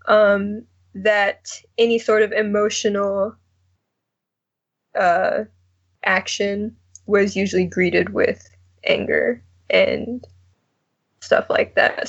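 A woman's voice: medium pitch, lo-fi sound. A young woman calling in to a talk show, speaking hesitantly with many fillers. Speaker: caller. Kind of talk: call-in conversation.

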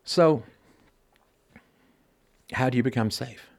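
Gravelly, darkish, and slow, with a mid-range pitch, this man hosts a call-in show. He delivers a forceful philosophical monologue, restating key lines, and briefly acts out others' reactions in mocking voices.

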